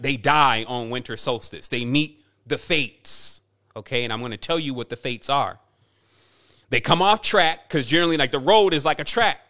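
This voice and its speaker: A man's voice: mid-range voice, a bit bright. A man giving a rambling spiritual monologue as a teacher, talking emphatically and repeating himself for effect.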